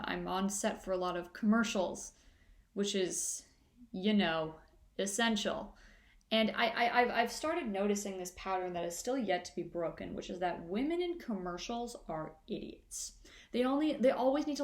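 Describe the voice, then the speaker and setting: A woman's voice: mid-range voice, roomy sound. A woman doing a sarcastic, exasperated stand-up bit. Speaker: comedian.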